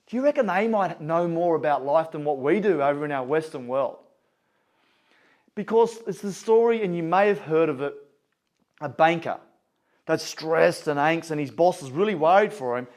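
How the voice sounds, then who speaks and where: A man speaking with earnest conviction and a storyteller's ease. His voice sits a touch higher than most men's. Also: a little mellow. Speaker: motivational speaker. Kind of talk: motivational talk.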